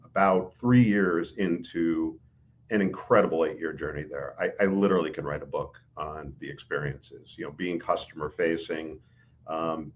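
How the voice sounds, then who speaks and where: Middle-aged male podcast guest, deep register, animated anecdotal delivery with fillers, slightly muffled recording. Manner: animated storyteller, acts out quoted dialogue, frequent fillers. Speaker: interview guest, executive recruiter. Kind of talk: casual storytelling in a podcast interview. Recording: dull, lo-fi audio.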